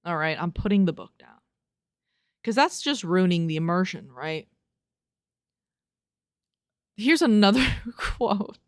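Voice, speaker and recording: A woman's voice: lowish voice, animated, normal speed, no room sound. Incredulous woman podcaster, dry sound. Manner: incredulous, profane, laughing at what she reads; reads review quotes aloud and riffs on them. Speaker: podcast host. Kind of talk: casual solo podcast commentary.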